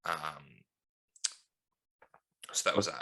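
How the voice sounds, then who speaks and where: Low deep guy with a punchy bright voice, rambly storyteller on a mates podcast. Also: slow. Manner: rambling, laughing, full of ums. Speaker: podcast co-host. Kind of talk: casual storytelling chat.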